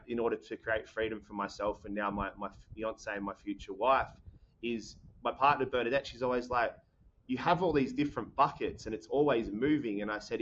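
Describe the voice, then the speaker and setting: A young Australian man chats as a podcast guest, rambling and energetic, full of "you know" and "um". His voice sits at a middle pitch. The audio is dull and lo-fi. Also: a little hiss or hum. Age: young adult. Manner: energetic, rambling, many fillers. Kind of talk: casual podcast chat.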